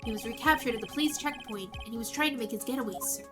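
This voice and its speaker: Eine Frau spielt einen pflichtbewussten Polizisten. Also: female voice, fairly high pitch, very fast, close to an everyday voice. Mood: dutiful. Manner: reporting plainly, ending with 'sir'. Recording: game music playing behind.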